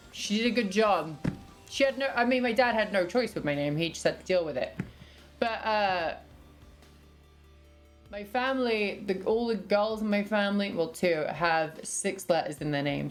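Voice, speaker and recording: An English woman with a medium-pitched voice and an English accent chats casually with her stream chat, tossing out quick asides.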